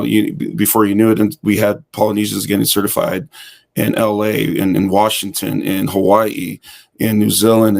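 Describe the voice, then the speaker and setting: A man's voice: lowish voice, gravelly. A man guest on an interview show, telling his story casually and acting out the dialogue he quotes. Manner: animated storyteller who acts out quoted dialogue. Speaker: guest, hip hop fitness instructor.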